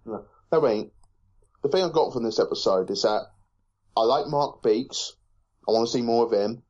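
Brief: male co-host, medium pitch, rambling casual delivery, muffled lo-fi recording. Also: normal speed, darkish tone. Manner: rambling, many fillers and restarts. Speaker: podcast co-host. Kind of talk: casual review chat.

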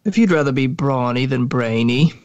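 A man's voice: mid-range voice, moderate pace, dry recording, highs cut off, close to an everyday voice. A man voicing a sullen, scheming young boy wizard in a storybook reading. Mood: sneering.

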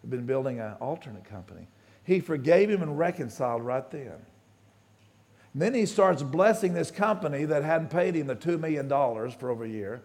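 A man's voice: a little high, animated, a little fast, a little mellow. Man preaching, telling a story. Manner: retells dialogue, voice rising and dropping. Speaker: pastor. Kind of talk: sermon storytelling.

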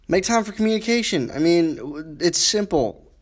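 A man hosting a casual self-help podcast rambles through a numbered list, repeating words, saying "you know" often and restarting. He's very animated at a moderate pace, with wide pitch swings, dropping low and quiet for asides.

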